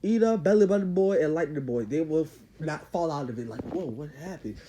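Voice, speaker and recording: A man excitedly retelling a story, rambling, full of fillers and spoken sound effects like boom and pow. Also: a little fast, slight background noise, rough recording. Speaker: channel host.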